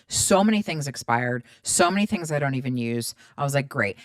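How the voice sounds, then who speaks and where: A woman in her thirties hosts her own podcast, talking low and chatty as she swears freely and acts out both sides of her stories. The sound is dry and close, with no room around it. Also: fairly bright tone, no echo. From Middle Eastern background. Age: 30s. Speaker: podcast host. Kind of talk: casual storytelling monologue.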